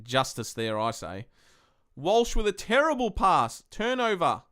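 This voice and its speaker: A man's voice: high voice, big pitch swings, measured pace, a bit bright. A young Australian man hosting a live-stream football match review, heated and sweary as he rants about the game. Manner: heated, sweary, ranting fan commentary. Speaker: podcast host.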